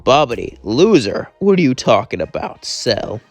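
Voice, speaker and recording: A man's voice: mid-range voice, very animated, moderate pace, no echo, faint music behind. A man voicing a cool, menacing demon swordsman. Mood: cold.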